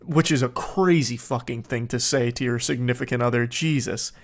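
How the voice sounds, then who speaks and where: A man's voice: medium pitch, moderate pace, vocal fry. Sardonic man reading texts. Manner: sardonic, incredulous. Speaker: commentator. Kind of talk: comedic commentary reading text messages.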